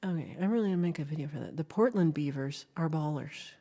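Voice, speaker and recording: Low, mellow-voiced woman hosting a chatty livestream. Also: animated, fast talker. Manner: playful, giggly, drops into whispers. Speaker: livestream host. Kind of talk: casual livestream chat.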